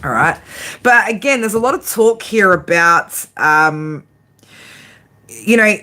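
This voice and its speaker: A woman's voice: mid-range voice, expressive, slow pace, sharp tone, slight background noise. An Australian woman doing a casual tarot reading, chatty and brash, swearing often and giggling. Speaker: tarot reader.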